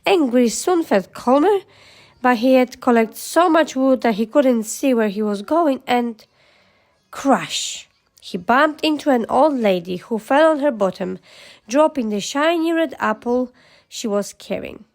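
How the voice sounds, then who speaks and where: Woman, children's storyteller, fairly high voice, lively reading. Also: measured pace.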